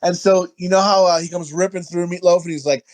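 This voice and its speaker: A man co-hosting a casual podcast chat, crude, rambling and excitable, often talking over others. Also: high voice, brisk. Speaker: podcast co-host.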